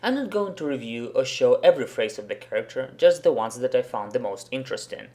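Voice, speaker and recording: A man's voice: medium pitch, sing-song, a little fast, darkish tone. A man hosting a commentary video, giving a blunt, sarcastic and profane critique. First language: Russian. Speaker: host, professional interpreter.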